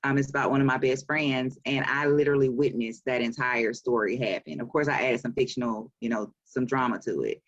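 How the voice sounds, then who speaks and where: A woman's voice: a bass voice, fairly even intonation, a little fast, few pauses, no room sound, highs cut off. A woman in her forties with a Southern US accent, an author talking about her work in a casual interview, chatty and laughing often. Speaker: author and publisher.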